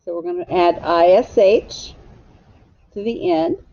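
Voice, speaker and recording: A woman's voice: on the low side, very animated, measured pace, vocal fry, mellow, no room sound, muffled recording. A woman teacher giving a phonics lesson to young children, patiently sounding out and spelling each word.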